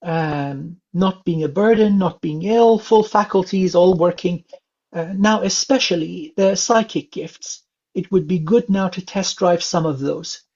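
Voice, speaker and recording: A man gives a calm, unhurried spiritual reading in a gravelly, somewhat husky voice, his speech full of soft filler sounds. The recording is dull and lo-fi. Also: sits high. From England. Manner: calm, gentle, many filler uhs. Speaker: spiritual reader. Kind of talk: psychic reading session.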